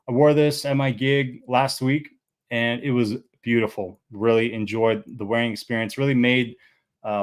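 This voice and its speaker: Guy around thirty chatting about perfumes, loose and rambly, lots of likes and uhs, mid pitched voice. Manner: rambling and relaxed, full of "like" and "uh"; enthusiastic about scents. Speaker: fragrance reviewer. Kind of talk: casual chat.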